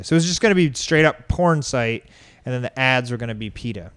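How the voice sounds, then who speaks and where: A man's voice: mid-range voice, expressive, a little fast, a bit bright, clear, resonant tone. A man co-hosting a casual chat, talking frankly and rambling through stories with easy laughs. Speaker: podcast co-host.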